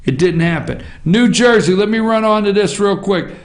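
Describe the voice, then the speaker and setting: A man's voice: sits high, lively intonation, normal speed. A man hosting a political opinion show, ranting emphatically in an impassioned monologue with repeated refrains. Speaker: talk show host.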